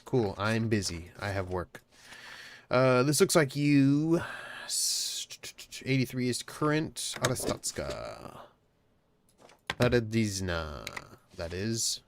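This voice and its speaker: Playing a border-inspector game, this gamer offers casual let's-play commentary, reading the game's text aloud, cracking jokes, and sometimes bursting into shouts. His mid-range voice swings widely in pitch, and he speaks slowly with long pauses.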